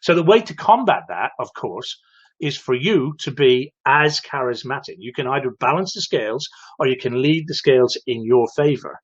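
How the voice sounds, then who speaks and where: Male host for a live advice stream: mid-pitched, patient explainer who addresses viewers directly; dull, muffled stream audio. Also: animated, normal speed, slightly rough. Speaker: host of a live show for electricians.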